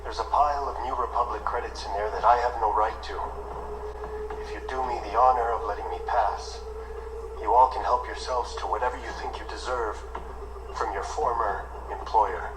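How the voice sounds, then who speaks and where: An actor playing a stern, terse male armored bounty hunter who speaks in a flat, clipped, guarded way. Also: fairly low pitch, normal speed, lightly acted. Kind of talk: live-action series dialogue. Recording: echoey clip with background noise.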